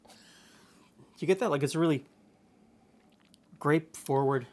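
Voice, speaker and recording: A man hosting a cooking show, explaining a blind tasting in a relaxed, plain-spoken way from his studio. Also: fairly high pitch, a little slow. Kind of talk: casual tasting chat. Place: home studio kitchen.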